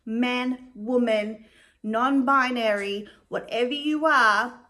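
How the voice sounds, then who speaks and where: A young adult woman giving casual commentary as a vlogger, chatty and measured, with frequent fillers. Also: a little high, fairly even intonation, pushed and bright.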